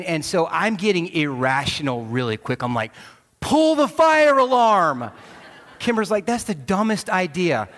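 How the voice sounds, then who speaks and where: Animated male pastor, big hall echo. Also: on the high side. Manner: animated storytelling, acting out quotes. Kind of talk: sermon with personal story. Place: large church auditorium. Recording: long hall reverb.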